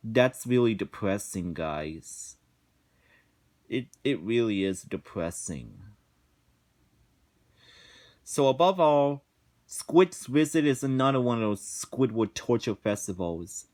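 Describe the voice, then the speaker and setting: A man giving a casual review rant, talking slowly with frequent restarts, repetitions and swearing. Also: medium pitch, expressive, a little mellow. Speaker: episode reviewer.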